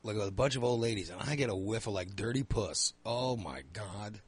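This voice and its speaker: A man's voice: fairly low pitch, normal speed, breathy edge. A man telling crude comedic stories in casual chat, acting out quoted lines in a raised voice.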